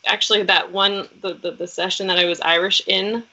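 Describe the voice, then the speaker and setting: A woman's voice: mid-range voice, steady tone, fairly quick, pushed and bright, muffled recording. A woman chatting casually on a tabletop gaming stream, rambling with lots of fillers. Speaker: tabletop game player.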